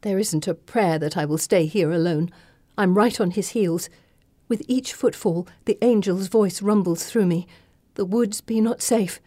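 A woman reading a first-person audiobook narration with an expressive, dramatic delivery. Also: on the low side, no echo.

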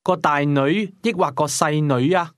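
Man reading example phrases super slow and careful, dry studio sound. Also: fairly high pitch, a bit bright, no echo. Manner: careful, deliberate. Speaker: native speaker model voice. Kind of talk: slow model pronunciation.

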